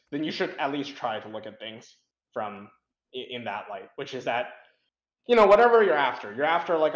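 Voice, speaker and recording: Young male guest, casual and blunt, halting rambly delivery, roomy muffled sound. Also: medium pitch. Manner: rambling, frank, lots of fillers and restarts. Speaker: interview guest, competitive programmer. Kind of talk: casual interview chat.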